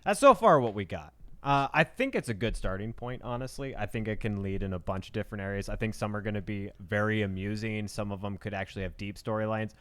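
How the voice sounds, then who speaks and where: A man co-hosting a podcast between friends, pitching ideas in loose casual chat full of fillers like "like" and "literally". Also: fast talker, fairly bright tone. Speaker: podcast co-host.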